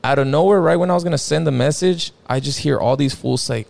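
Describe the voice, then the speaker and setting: A man's voice: a little high, fast talker, vocal fry, darkish tone. A young man casually telling a personal story as a guest, slangy and profane, filling his talk with "bro" and "like".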